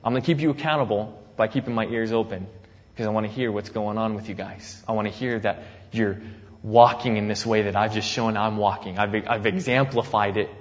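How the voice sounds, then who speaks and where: Animated preacher man in an echoey hall. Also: on the low side, fairly quick, highs cut off. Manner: animated, acts out the apostle's words with sudden loud jumps; laughs easily, conversational preaching. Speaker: pastor. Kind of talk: sermon.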